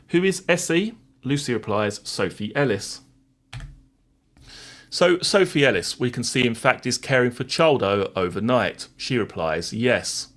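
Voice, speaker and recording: A man's voice: mid-range voice, a bit bright. A man hosting a live stream, chatting to viewers and reading court transcripts in a plain voice, wry and sarcastic toward critics.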